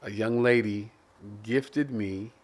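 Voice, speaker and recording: A man's voice: on the low side, slow pace. A male comedian from Brooklyn tells stories in casual, profane chat and acts out what people said. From Brooklyn, New York. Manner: animated, profane, acts out quotes. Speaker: comedian host.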